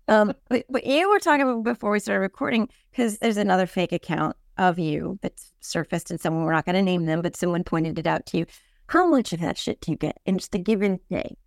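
A woman's voice: medium pitch, lively intonation, a little fast, vocal fry, dry recording, clean studio sound. A woman hosting a podcast in casual chat, riffing in a joking, sarcastic way. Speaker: podcast host.

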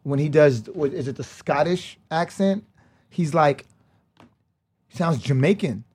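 Animated storytelling man, slightly high. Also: unhurried, husky. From United States. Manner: animated storyteller who acts out voices. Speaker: guest. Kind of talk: casual interview chat.

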